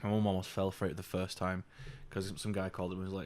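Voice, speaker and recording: Sweary young man, low voice. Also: quick pace, hardly any pauses. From United Kingdom. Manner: sweary, animated storytelling with mocking put-on voices. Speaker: podcast co-host. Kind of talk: casual chat.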